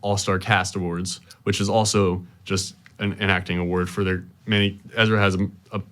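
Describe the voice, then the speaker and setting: A man's voice: deep voice, level tone, moderate pace, a bit bright. A teenage boy talking earnestly as a student guest, often repeating words as he restarts. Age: teens. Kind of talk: casual interview chat.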